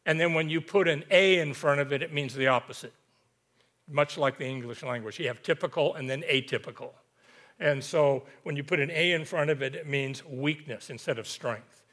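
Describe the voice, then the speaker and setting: A male preacher with a fairly high voice delivers a sermon. He reads scripture with emphatic, rhythmic rises and breaks into chatty asides to the people in front of him. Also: fairly bright tone. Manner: emphatic, rhythmic scripture reading with rising peaks; conversational asides to the congregation.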